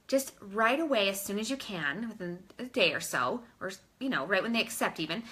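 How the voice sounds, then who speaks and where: A woman's voice: mid-range voice, pushed and bright. A woman coaching her team in a casual instructional talk, chatty and informal, often saying "like" and calling listeners "you guys".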